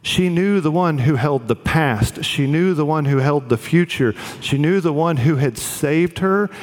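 An earnest male pastor preaches in a slightly high voice, talking plainly with the odd filler. His words ring out through a large hall with a long reverb. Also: measured pace. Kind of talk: sermon.

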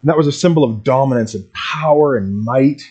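A man pastor reading a Bible passage aloud and then preaching in a relaxed, conversational way to his congregation. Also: mid-range voice, brisk, husky. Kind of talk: sermon.

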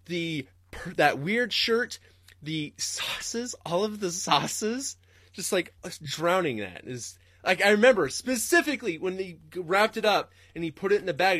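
A man hosting a podcast, ranting in a profane, rambling way and jumping suddenly into loud, high-pitched outbursts. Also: dry recording, studio quality. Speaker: podcast host. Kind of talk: livestreamed comedic rant.

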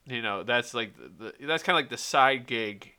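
A man's voice: mid-range voice, normal speed, bright, forceful tone, smooth. A man co-hosting a podcast, chatty and full of questions, often fumbling for the right word. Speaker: podcast co-host. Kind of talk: casual chat.

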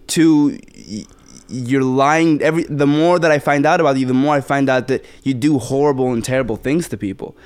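A young man from the States talks through a relaxed interview, circling back with fillers and restarts as he tells his stories. His voice sounds smooth and resonant, recorded close and dry. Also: mid-range voice, brisk, dry recording. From United States. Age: young adult. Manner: rambling storytelling, many fillers and restarts. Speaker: actor guest. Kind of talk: casual interview chat.

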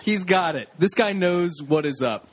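A male podcast co-host with a slightly high voice that swings up and down with lively energy. He jokes around in loose, casual chat and laughs often. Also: a little slow, dry recording.

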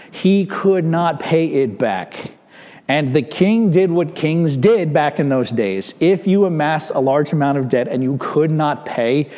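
A man's voice: fairly high pitch, mellow. A man preaching a sermon as pastor, in a conversational manner with frequent asides to the congregation. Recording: long hall reverb.

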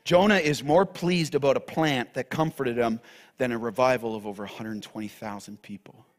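A man's voice: medium pitch, moderate pace. A man preaching a sermon, emphatic and direct with the congregation, repeating key phrases. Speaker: pastor.

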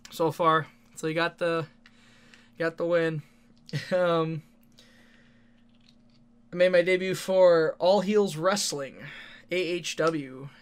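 Bright, clear-voiced man rambling. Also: high voice. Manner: rambling, laughs often, swears casually. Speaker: independent wrestler. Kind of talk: casual storytelling monologue.

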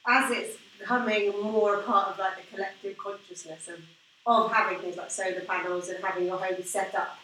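A woman's voice: medium pitch, pushed and bright, slight background noise. A woman, a podcast guest, chatting with enthusiasm in a casual conversation. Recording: echoey room, distant mic.

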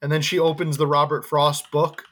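A man co-hosting a movie podcast in casual chat, animated and jokey, with many restarts. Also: on the high side, moderate pace, slight background noise. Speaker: podcast co-host.

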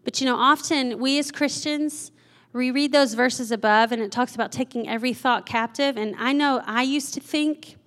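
A woman's voice: high-pitched, normal speed, fairly bright tone. A woman preaching a sermon in a conversational way, often laughing and asking the audience questions.

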